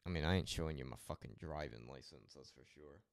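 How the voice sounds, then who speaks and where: A Scottish man on a live stream, talking loosely and swearing constantly. His voice sits very low and sounds smooth and resonant. The recording is close and dry, with no room sound. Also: fast, no room sound. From Scotland. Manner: rambling, heavily profane banter. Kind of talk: casual live-stream chat.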